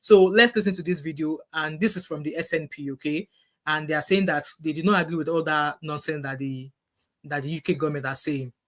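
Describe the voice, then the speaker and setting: A woman's voice: sits low, fairly even intonation, fairly quick, a bit bright. A middle-aged woman with a Nigerian English accent, vlogging casual advice earnestly and often restarting her sentences. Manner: earnest, repetitive, with frequent restarts.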